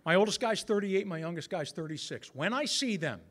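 A man's voice: sits high, expressive, brisk, few pauses, fairly bright tone. A man in his sixties preaching a sermon in a conversational way, talking straight to the men in the room with some self-mocking humor. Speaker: pastor.

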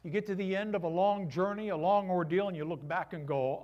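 A middle-aged male pastor preaching a sermon to his church, animated, with voiced asides. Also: high-pitched, a little fast, hardly any pauses, highs cut off.

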